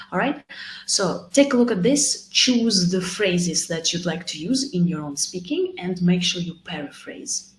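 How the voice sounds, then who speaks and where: A woman teaching an online exam-prep lesson, modelling sample answers with lively, exaggerated intonation. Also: fairly low pitch, normal speed, roomy sound, a little hiss or hum, low-quality recording. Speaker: IELTS teacher.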